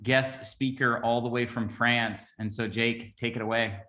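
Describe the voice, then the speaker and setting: A man hosting a team video call, making brisk, upbeat announcements before handing over to a speaker. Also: mid-range voice, fairly even intonation, pushed and bright. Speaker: meeting host.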